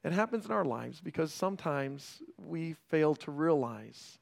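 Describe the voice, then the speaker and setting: A pastor preaching a sermon in a conversational way, often checking in with the congregation and dropping to a hushed, slow delivery for emphasis. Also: male voice, on the high side, very animated, creaky. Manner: swings between raised emphasis and hushed, slowed delivery.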